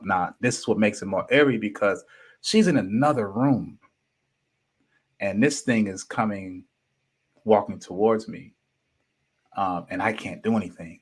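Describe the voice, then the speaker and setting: A young adult man hosting a podcast, telling a personal story in a slangy, animated way, with some swearing and laughs, and reading chat comments aloud. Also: fairly low pitch, unhurried, long pauses, slightly rough. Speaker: podcast host.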